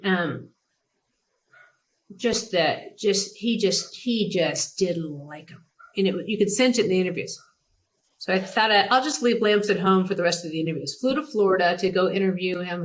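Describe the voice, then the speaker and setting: A middle-aged woman hosting a podcast and telling career stories in a relaxed, animated way. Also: moderate pace. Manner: animated, mimics others in a higher pitch. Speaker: podcast host. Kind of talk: casual storytelling chat.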